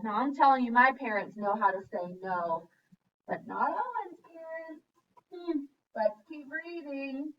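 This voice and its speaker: A woman teacher leading a young class's writing lesson, speaking clearly and encouragingly as she sounds out words. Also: high-pitched, animated, measured pace, recorded from a distance, dull audio. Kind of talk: early-grade writing lesson.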